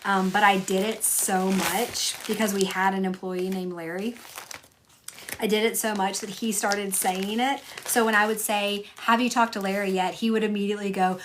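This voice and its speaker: A woman's voice: mid-range voice, fairly even intonation, moderate pace, noisy background. Chatty woman livestreaming. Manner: chatty, rambling, laughs often, talks to chat by name. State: tired. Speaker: livestream host selling stickers and stationery. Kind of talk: casual livestream chat with viewers.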